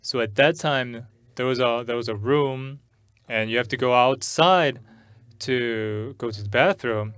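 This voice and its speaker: A middle-aged man preaching a sermon in English at a church service. He tells a personal story in a halting way, often repeating and restarting words. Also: mid-range voice, a bit bright, clean tone, dry recording. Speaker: pastor.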